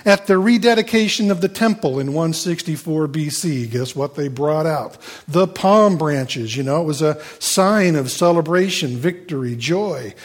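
Man, middle-aged, sermon, conversational, lots of fillers and restarts, fairly high voice. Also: animated, normal speed, hardly any pauses. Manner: conversational, frequent fillers and restarts, playful asides to the congregation. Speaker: pastor.

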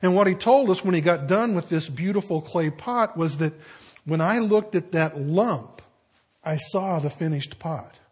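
Older male pastor, husky voice pitched a bit high, folksy conversational sermon delivery. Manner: folksy storytelling with conversational asides.

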